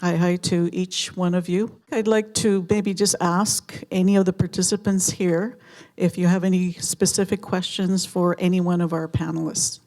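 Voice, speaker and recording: A woman's voice: fairly low pitch, steady tone, moderate pace, mellow. A woman moderating a panel, welcoming everyone briefly and opening the floor to questions.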